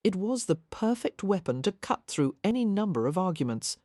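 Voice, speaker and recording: A woman narrating an audiobook romance in a measured, even manner. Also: mid-range voice, dry recording, studio quality.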